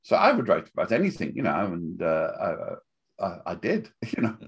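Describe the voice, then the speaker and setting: An older man with a Liverpool accent, chatting as a guest in a relaxed interview, wry and rambling, often laughing at his own jokes. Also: deep voice, normal speed, husky. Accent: Liverpool (Scouse). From Liverpool, England.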